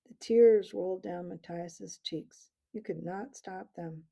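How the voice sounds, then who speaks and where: A woman reading a novel aloud with steady, calm narration. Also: on the low side, slow, vocal fry, few pauses, low-quality recording. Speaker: storyteller.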